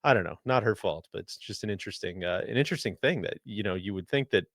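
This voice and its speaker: A man's voice: lowish voice, animated, quick pace, a bit bright, no room sound, studio quality. A man hosting a casual golf podcast, chatting and reading an ad. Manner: conversational, reads ad copy. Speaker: podcast host.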